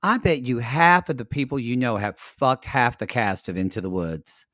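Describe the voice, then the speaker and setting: A man's voice: medium pitch, normal speed, fairly bright tone, dry recording, studio quality. A man co-hosting a podcast with campy, bawdy banter. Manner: campy, bawdy, swooping delivery. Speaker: podcast co-host. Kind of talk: casual chat.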